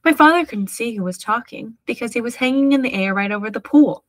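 A woman reading a children's chapter book aloud with clear, steady storytelling. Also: fairly high pitch, a little fast, few pauses, dry recording. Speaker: storybook reader.

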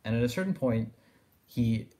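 A man's voice: mid-range voice, animated, moderate pace, mellow. A man giving a philosophy lecture, thinking aloud and circling his points with phrases like "in a sense". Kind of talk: recorded lecture.

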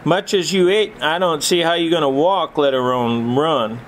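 A man's voice: on the high side, normal speed, a little hiss or hum, natural voice. A man voicing a proud, commanding older brother who talks in a firm, folksy way. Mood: teasing.

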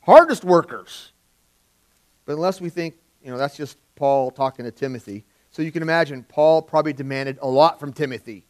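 Conversational pastor, slightly high voice. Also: male voice, normal speed. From California. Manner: conversational preaching, swings from loud emphasis to quiet. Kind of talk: sermon.

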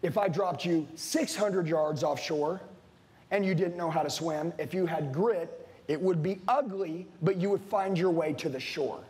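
A man's voice: fairly high pitch, a little slow, darkish tone. A man in his forties giving an intense, preachy motivational sales talk to a live audience, swearing casually and speaking to the room directly. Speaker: sales trainer. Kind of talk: motivational seminar speech.

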